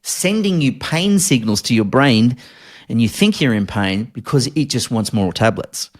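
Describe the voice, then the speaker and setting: A man in his forties with an Australian accent, recounting a hard time as a podcast guest, earnest and halting with many restarts. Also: medium pitch, lively intonation. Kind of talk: candid interview storytelling.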